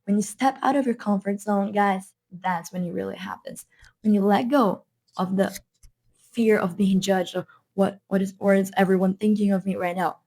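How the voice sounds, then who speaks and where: A woman's voice: medium pitch, steady tone, normal speed, dark tone. A woman with a non-native accent, a language coach giving an earnest motivational talk to camera, repeating her points for emphasis.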